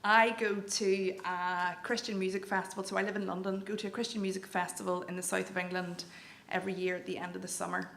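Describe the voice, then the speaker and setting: A young woman with a Northern Irish accent tells a personal story at a live event. Her voice has a gravelly edge, and she speaks candidly with a wry, self-deprecating turn. The sound is echoey with faint room noise behind her. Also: medium pitch, flat delivery, quick pace, few pauses, a bit bright. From Northern Ireland, County Down. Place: event venue with audience.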